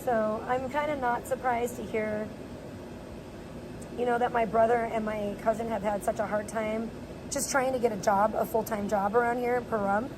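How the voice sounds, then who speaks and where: A slightly high-voiced woman rambles and vents to her chat, full of "like" and "you know". She streams from a phone with clear background noise around her. Her talk is loose and unscripted. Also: level tone, normal speed. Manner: venting, rambling with many fillers. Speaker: livestreamer. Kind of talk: casual IRL livestream chat. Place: outdoors then moving indoors at home.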